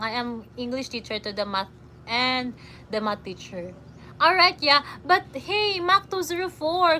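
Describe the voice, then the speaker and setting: Giggly high-voiced Filipino woman streaming. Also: pushed and bright, slight background noise. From Philippines. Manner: giggly, chatty, reads comments aloud. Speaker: livestreamer reading chat. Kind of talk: casual livestream chat.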